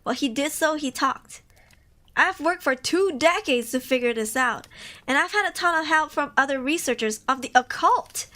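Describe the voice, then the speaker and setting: A woman's voice: high voice, lively intonation, moderate pace, pushed and bright. A woman streamer reading horror stories aloud on a live stream, casual and emotional, reacting between passages. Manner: casual, swears often.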